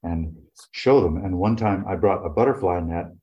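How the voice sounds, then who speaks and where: A man's voice: deep voice, normal speed, lo-fi sound. An older retired man telling long personal stories in a rambling, casual way, full of fillers. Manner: rambling, many "you know" fillers. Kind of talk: casual reflective storytelling.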